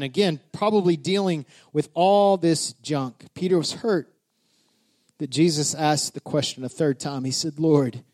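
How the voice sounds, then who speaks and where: A man pastor preaching a sermon, telling the story in an animated, lively way. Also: fairly high pitch. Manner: animated storyteller, builds to shouting.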